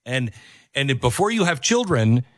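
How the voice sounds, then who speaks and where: A man's voice: on the low side, expressive, normal speed, noisy background. A man hosting a commentary show, reacting to a video clip in an emphatic, preachy way and repeating his key phrases.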